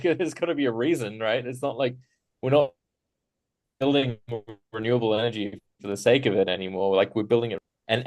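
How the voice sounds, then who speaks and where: A man answering as a guest on a discussion panel, talking casually and rambling with lots of fillers, tag questions and small laughs. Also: lowish voice. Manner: rambling, frequent "right?" tags and fillers; animated, laughs while talking.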